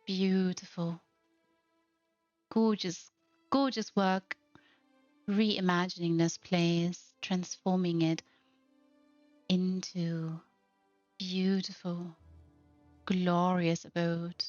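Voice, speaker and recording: A woman's voice: lowish voice, level tone, drawn-out words, long pauses, a little mellow, no room sound, highs cut off, soft background music. A woman hosting a narrated house tour, gushing with effusive praise. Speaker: host.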